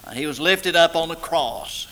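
A man preaching a sermon, rising to loud, high, stretched-out lines and then falling back low and quiet. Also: normal speed, poor audio.

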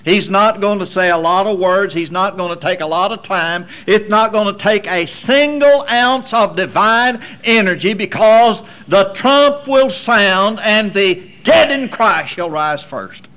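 A man preaching a sermon, swinging between loud emphatic passages and low, quiet asides. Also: lively intonation. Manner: slow deliberate delivery with folksy asides.

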